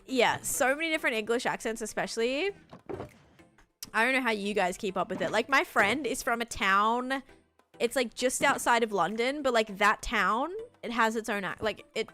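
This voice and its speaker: A woman's voice: medium pitch, bright, forceful tone. Chatty young Australian woman streamer. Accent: Australian, softened. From Sydney, Australia. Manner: rambling, chatty, answers chat, many fillers. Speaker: game streamer. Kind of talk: casual live-stream chat.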